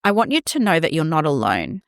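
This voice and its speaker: A woman hosting a parenting podcast, talking gently and reassuringly, acting out quoted lines in a scripted monologue. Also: low voice, big pitch swings, fairly quick, dry recording, studio quality.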